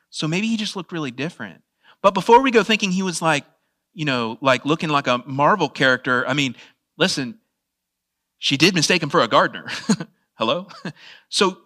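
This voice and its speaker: A man's voice: on the high side, pushed and bright. A man preaching a conversational sermon, asking the audience questions and laughing at his own asides. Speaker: pastor.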